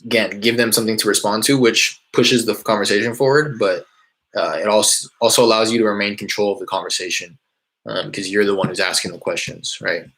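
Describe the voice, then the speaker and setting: A man casually explaining how he makes cold calls, in a loose, rambling way with many fillers, from a small warm room. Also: lowish voice, fairly even intonation, a little fast, creaky, slightly rough. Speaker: real estate wholesaler teaching cold calling. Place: small hot indoor room.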